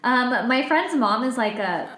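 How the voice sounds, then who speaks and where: A young woman co-hosting a podcast in casual chat, expressive and sympathetic, laughing often. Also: on the high side, measured pace. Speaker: podcast co-host. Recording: roomy echo.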